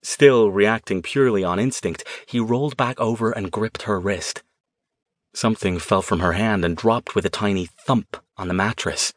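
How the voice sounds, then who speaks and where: A man narrating an audiobook in a tense, measured storytelling manner. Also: fairly low pitch, no room sound, clean studio sound. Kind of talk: scripted narration.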